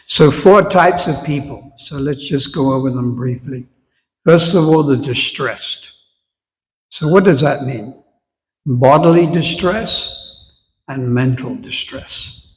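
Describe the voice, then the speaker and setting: Male teacher, measured and slow, lecturing a congregation in a hall with a long echo. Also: medium pitch. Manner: unhurried, conversational, asks the audience questions. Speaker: visiting spiritual teacher. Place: temple hall with long reverb.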